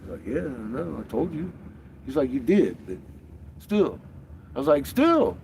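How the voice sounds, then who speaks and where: A man's voice: medium pitch, big pitch swings, moderate pace, creaky, warm tone, a little hiss or hum. A man hosting a casual livestream, ranting in a profane, rambling way and laughing often. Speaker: livestream host.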